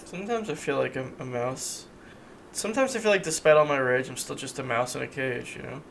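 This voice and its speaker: A man streaming a video game with animated, jokey, sweary commentary. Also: medium pitch, fairly quick, gravelly, a little hiss or hum. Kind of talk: casual let's-play commentary.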